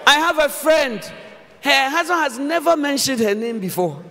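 A woman pastor preaching a sermon at a church service, animated and humorous, often exclaiming to the congregation. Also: sits high, normal speed. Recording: long church hall reverb.

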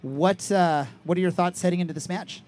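Male host, rapid patter, high pitch, live stadium pregame show. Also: a little mellow, a little hiss or hum. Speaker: podcast host. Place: outdoors at a stadium.

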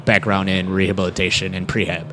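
Young guy wrestler rambling thru a story, kinda low voice, lots of "like" and "um". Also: little pitch movement, fast talker, pushed and bright. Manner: rambling, many fillers, acts out quotes. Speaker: professional wrestler. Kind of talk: casual interview storytelling.

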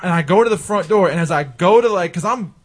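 High-voiced guy rattling off a crude story fast, cussing a lot. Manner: animated, profane storytelling. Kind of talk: casual storytelling chat.

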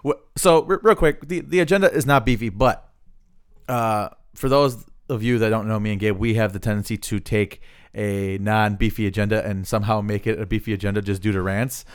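Low, smooth-voiced easygoing man. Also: a little fast. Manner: relaxed, easygoing talk with fillers. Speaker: podcast host. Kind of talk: casual podcast chat.

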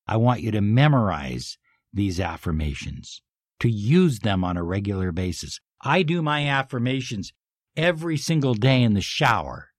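A man speaking as a life coach in a motivational talk, leading affirmations and shifting from emphatic, pumped-up lines to soft, slow ones. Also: on the low side, sing-song, no room sound, clean studio sound.

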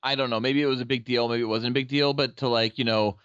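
A man co-hosting a casual podcast, easygoing and agreeable, and quick to laugh. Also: medium pitch, steady tone, a bit bright, clear, resonant tone, no echo, highs cut off. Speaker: podcast co-host.

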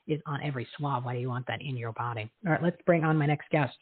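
A woman's voice: a bass voice, fast talker, hardly any pauses, slightly rough, no room sound. A woman hosting a talk show, chatting in a loose, opinionated way with many fillers. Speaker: host. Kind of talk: casual talk show monologue. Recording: tinny phone-like line.

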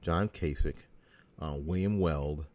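A man's voice: a bass voice, slow, a little mellow. A middle-aged American man giving a folksy, sarcastic opinion monologue as a talk show host.

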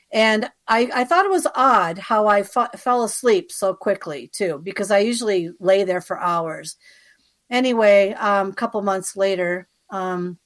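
A woman guest recounts her own experiences in a chatty, conversational way, full of fillers and asides. She keeps turning to the listener to check they are following. Her voice sits at an ordinary middle pitch. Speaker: interview guest. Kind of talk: personal storytelling.

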